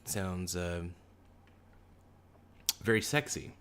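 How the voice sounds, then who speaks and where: A man's voice: deep voice, animated, drawn-out words, fairly bright tone, a little hiss or hum. A young man hosting a casual livestream, reading out chat comments with joking, teasing banter. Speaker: livestream host.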